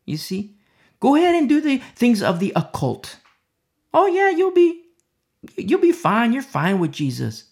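A smooth-talking false Christ that tells everyone they'll be fine, pitched well above a normal man's voice and swooping all over. A preacher acts him out to mock him. His tone is breezy and falsely reassuring. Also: huge pitch swings, a little slow, darkish tone, full character voice.

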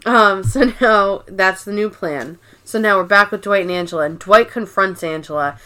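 A woman's voice: mid-range voice, moderate pace, pushed and bright. A woman co-hosting a podcast, casually retelling episodes and acting out quotes, with some swearing. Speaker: podcast co-host. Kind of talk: casual recap chat.

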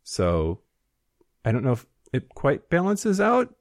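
Male podcast co-host, casual news read, sarcastic and profane, animated pitch, dry close sound. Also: takes it slowly, no echo. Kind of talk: casual chat, reading news. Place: studio.

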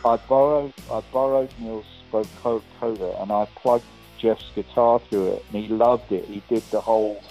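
An older man with an English accent, a guest telling lively anecdotes and acting out the dialogue of the people in them. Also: lowish voice, moderate pace, dull audio, faint music behind. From England. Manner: lively storyteller who acts out quoted dialogue with many restarts. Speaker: guest, record producer and guitarist.

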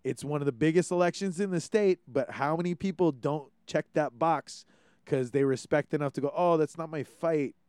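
A man from Hawaii, hosting a casual podcast chat in an animated, swearing way. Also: on the high side, normal speed, clean tone, dry recording. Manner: animated, swearing, many restarts. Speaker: podcast host.

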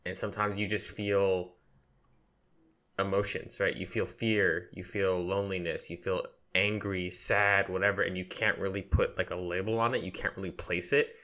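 Male podcast co-host, deep and bright, easygoing chat. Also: level tone, moderate pace.

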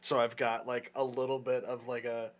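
A man's voice: medium pitch, little pitch movement, normal speed. Casual man playing a tabletop game. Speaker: player. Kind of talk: casual tabletop role-play.

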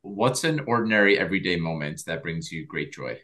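A deep-voiced man hosts an interview podcast. He asks thoughtful questions in a playful, easygoing way and swears casually now and then. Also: lively intonation, a little fast, sharp tone. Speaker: podcast host.

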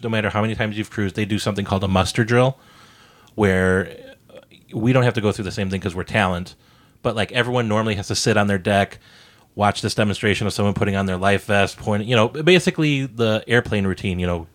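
Podcast co-host, man, low voice, easygoing storyteller. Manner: laid-back, joking, acts out quotes. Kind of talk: casual storytelling chat.

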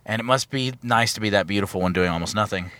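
A man's voice: lowish voice, fast, bright, forceful tone. A man chatting casually about a film on a podcast, rambling and joking, recorded in a car. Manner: rambling, joking, self-correcting. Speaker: podcast co-host. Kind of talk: casual film review chat.

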